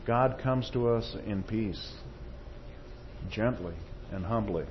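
A man's voice: fairly low pitch, slow, lo-fi sound, a little hiss or hum. Man preaching an emphatic sermon. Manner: emphatic, rising in force on quotations; tag questions to the congregation.

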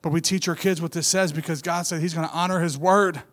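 High-voiced man preaching with fervor. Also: quick pace. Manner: animated storytelling, rising to loud emphatic peaks. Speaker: church speaker. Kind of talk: sermon testimony.

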